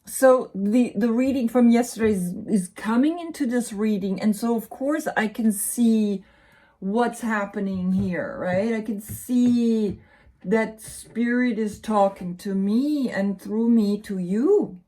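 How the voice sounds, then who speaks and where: A woman's voice: a little high, takes it slowly, dark tone. A woman with a German accent giving a casual tarot reading, rambling and often repeating words. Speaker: tarot reader.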